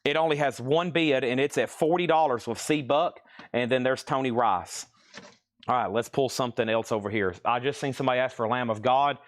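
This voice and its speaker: A man's voice: mid-range voice, dry recording. Breathless man calling live record sales. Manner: brisk, rattles off titles and prices. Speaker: host selling vinyl records live.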